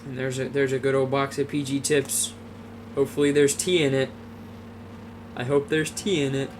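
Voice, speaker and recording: A man talks through a casual director's commentary in a chatty, laughing way, full of restarts and little fillers. His voice sits at an ordinary middle pitch, with faint noise behind it. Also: little pitch movement, normal speed. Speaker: video director and host.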